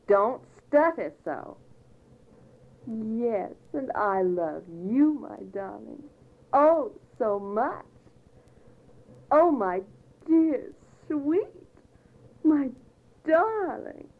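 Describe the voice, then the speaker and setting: A woman's voice: high voice, big pitch swings, drawn-out words, pauses often, narrow, tinny audio, full character voice. A woman reading a comedy play aloud, voicing a gushing, theatrical actress who swoons breathlessly over a lover. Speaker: amateur reader performing a comedy play. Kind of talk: read-aloud play scene.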